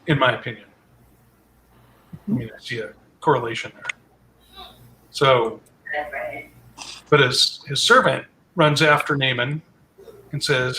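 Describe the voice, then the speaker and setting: Bright-voiced man leading a Bible study. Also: mid-range voice, slow, long pauses, a little hiss or hum, poor audio. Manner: conversational, explaining with asides. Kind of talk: casual group Bible study chat.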